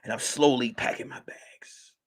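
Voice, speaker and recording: A male comedian telling a mock film-noir detective story in slow, dramatic narration with crude asides. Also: in a whisper. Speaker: comedian and podcast host.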